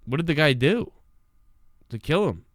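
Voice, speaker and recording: A man's voice: a little high, big pitch swings, moderate pace, dry recording, studio quality. A young man hosting a live stream, talking casually in a rambling way with lots of swearing and restarts.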